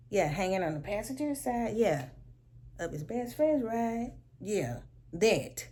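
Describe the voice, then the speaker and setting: A woman telling a casual storytime vlog at home, animated and sassy, laughing often. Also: medium pitch. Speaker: vlogger.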